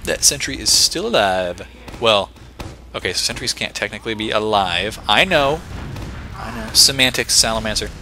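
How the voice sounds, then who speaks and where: A man giving live play-by-play commentary on a competitive video game match, excitable and full of joking asides. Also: on the low side, normal speed, a little hiss or hum. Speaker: esports shoutcaster.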